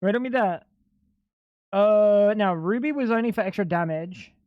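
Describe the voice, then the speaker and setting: A man's voice: high-pitched, normal speed, dry recording, narrow, tinny audio. A young man livestreaming a game, bantering with his chat in a joking, profane way. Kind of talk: casual gaming livestream chat.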